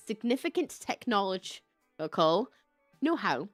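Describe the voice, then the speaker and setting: A Scottish woman talks slowly and chattily over a game livestream, poking fun at herself as she reads. Her voice sits in a middle range and sounds dry and close to the mic. Faint music plays underneath. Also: mid-range voice, lively intonation, a bit bright, no echo. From Scotland. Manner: chatty, self-mocking, laughs often. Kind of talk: casual game commentary.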